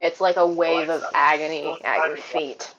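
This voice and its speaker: A woman running a tabletop game as game master, narrating the scene in an unhurried way with fillers. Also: low voice, steady tone, crowd noise. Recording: dull lo-fi mic.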